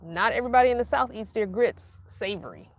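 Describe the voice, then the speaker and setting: A woman from Northern Virginia hosting a casual livestream, reading viewer comments aloud in a chatty, animated way and laughing often. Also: a little high, a little fast. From Northern Virginia, USA. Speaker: vlogger hosting a live chat.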